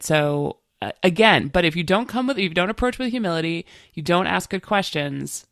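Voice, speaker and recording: A woman's voice: lowish voice, lively intonation, moderate pace, creaky, hardly any pauses, a bit bright, no echo, clean studio sound. A woman talking as a guest on a podcast, casual and enthusiastic. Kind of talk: casual conversation.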